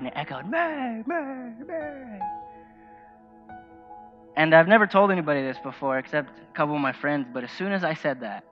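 A man's voice: medium pitch, fairly bright tone. Man preaching a sermon over faint music. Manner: storytelling, asks the congregation questions. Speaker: pastor. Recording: dull lo-fi sound with faint music.

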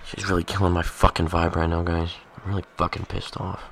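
A man's voice: low-pitched, level tone, a little fast, creaky, a little hiss or hum. A man hosting a podcast in casual rambling chat, crude and profane, jumping from one thing to the next. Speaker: podcast host.

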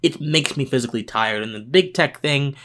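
A man's voice: mid-range voice, fairly quick, fairly bright tone, a little hiss or hum. A tired man hosting a political podcast, giving passionate commentary with emphatic restarts and repeated words.

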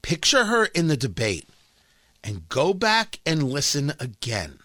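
A man hosting a talk radio show, his high voice bright and cutting as he swings up and down with emphasis. He leans into sarcasm and dramatic pauses while he riffs on the news, close to a dry studio mic. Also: huge pitch swings, no echo. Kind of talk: opinionated political commentary.

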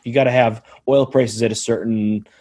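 A man's voice: medium pitch, steady tone, moderate pace, warm tone, slightly rough. A man co-hosting a podcast, telling a rambling story in casual chat. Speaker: podcast co-host.

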